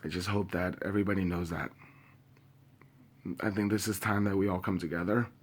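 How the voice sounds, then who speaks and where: A young man speaking straight to camera in a personal video, grieving and angry, impassioned and halting with many pauses, swearing openly. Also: sits low, fairly even intonation, husky. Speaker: vlogger.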